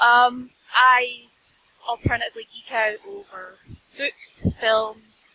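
A Scottish woman chatting on a podcast, wry and self-mocking, quick to laugh. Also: fairly high pitch, animated, gravelly, pushed and bright, slight background noise, rough recording. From Scotland, near Dundee. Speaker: podcast co-host, book reviewer. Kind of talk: casual podcast chat.

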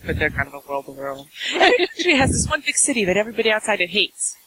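A woman's voice: mid-range voice, big pitch swings, racing, pushed and bright, husky, rough recording. A woman with a faint Russian-Canadian accent, chatting and giggling on a podcast. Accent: slight Russian-Canadian. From family from Moscow, lives in Canada. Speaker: podcast co-host. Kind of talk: casual podcast chat.

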